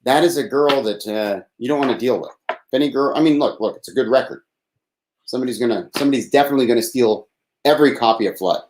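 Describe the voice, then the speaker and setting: A man's voice: medium pitch, quick pace, noisy background. A man hosting a live call-in show alone at his desk, rambling and self-deprecating, sighing and swearing, with a thin, slightly whiny voice. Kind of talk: rambling solo live-stream chat. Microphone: desk microphone without processing.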